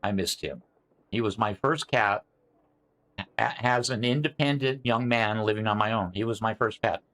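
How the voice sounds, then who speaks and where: A man's voice: fairly low pitch, normal speed, fairly bright tone. An older man, rambling casually to his live-stream chat with many fillers and restarts, answering viewers by name. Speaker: sim racing streamer.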